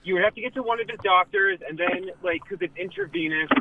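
A man's voice: sits high, fast talker, phone-quality sound, background noise. A man calling in to a radio show. He explains his idea hesitantly, with lots of "um" and "like". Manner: hesitant, filler-heavy. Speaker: caller. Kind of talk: phoned-in radio call.

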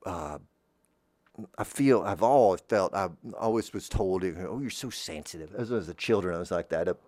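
A podcast host speaks at normal speed in a deep, darkish voice, with no room sound. He rambles through a comic monologue, regularly trailing off, restarting, and making self-deprecating remarks.

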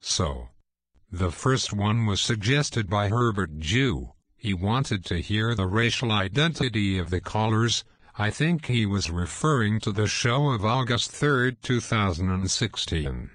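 A man filling in as host, introducing archived radio clips in a plain, even read. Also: on the low side, measured pace, dry recording, clean studio sound. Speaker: fill-in host of a clip show. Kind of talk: scripted radio narration.

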